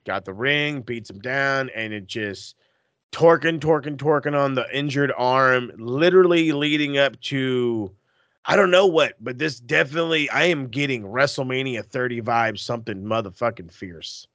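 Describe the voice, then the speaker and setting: A man co-hosting a wrestling podcast in casual chat, animated and profane, acting out quotes with big jumps in pitch. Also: moderate pace, no room sound.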